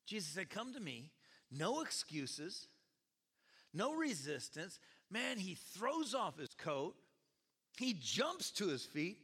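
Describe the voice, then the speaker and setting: A male pastor preaching a sermon, telling the story in an animated way and breaking into shouted quotes, in a church with long reverb. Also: on the high side, husky. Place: church sanctuary. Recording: long reverb of a large hall.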